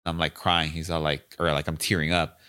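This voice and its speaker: A man's voice: very deep voice, flat delivery, a little fast, sharp tone, clear, resonant tone. A young adult man, a podcast guest, telling a story in a loose, profane, casual way and acting out the voices of the people in it. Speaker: podcast guest, gym owner.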